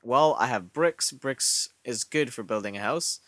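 A man's voice: medium pitch, measured pace, a bit bright, dry recording, close to an everyday voice. A man doing a hesitant, offhand salesman. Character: laid-back male online house-supply dealer.

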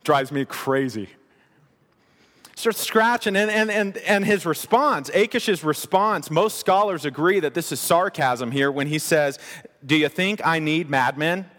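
A man preaching a sermon as pastor, animated and conversational with playful asides. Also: on the high side, measured pace, big-room sound.

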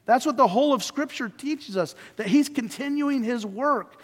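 A man preaching a sermon as pastor, retelling the story with lively acted-out dialogue. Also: very high voice, moderate pace. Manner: animated storytelling, voicing biblical figures. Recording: reverberant hall.

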